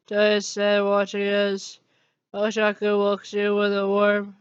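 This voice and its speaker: A casual storyteller reading a fan story aloud, stumbling now and then. The voice is smooth but extremely flat and slow. The recording is dry and muffled. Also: medium pitch, no echo. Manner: halting, monotone reading with slips. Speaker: fan-fiction reader. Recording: dull lo-fi recording.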